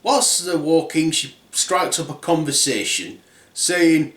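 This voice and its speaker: A man's voice: on the high side, expressive, slow, a bit bright. A man telling a comic fairy tale in a casual, crude, rambling way. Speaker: storyteller. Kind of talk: comic storytelling. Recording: roomy echo.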